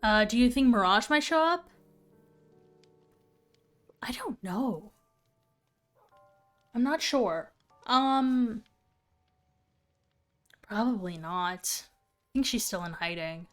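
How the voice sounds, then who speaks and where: A woman's voice: fairly high pitch, lively intonation, slow, long pauses, soft background music. Chatty young woman streaming a game. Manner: chatty, thinking aloud with fillers. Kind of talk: casual gameplay commentary.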